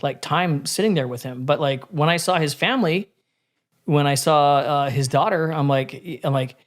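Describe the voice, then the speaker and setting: A man's voice: on the high side, normal speed. Candid, profane man telling a story. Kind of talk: casual podcast conversation.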